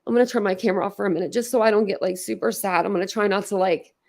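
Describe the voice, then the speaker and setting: A woman's voice: medium pitch, very fast, vocal fry, darkish tone. A woman hosting a casual livestream, talking emotionally and bluntly, rambling and swearing as she reacts. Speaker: livestream host.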